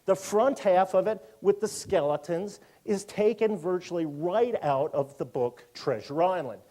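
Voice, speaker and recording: A man's voice: high-pitched, a little slow. Joking man giving a museum lecture. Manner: animated, joking asides. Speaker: university lecturer. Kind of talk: public lecture. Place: museum auditorium.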